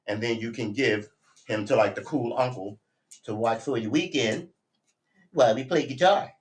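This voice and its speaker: A man's voice: mid-range voice, moderate pace. A man rambling casually on a live stream, talking to viewers and to his puppy, switching to firm commands.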